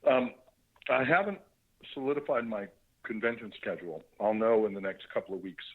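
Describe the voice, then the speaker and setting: Middle-aged man calling in over a dull, muffled phone line. His voice sits on the low side. He talks in a chatty, halting way, filling pauses with ums and restarts. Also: slightly rough. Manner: chatty, halting, with many fillers. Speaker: actor guest. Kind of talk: phone interview on a radio show.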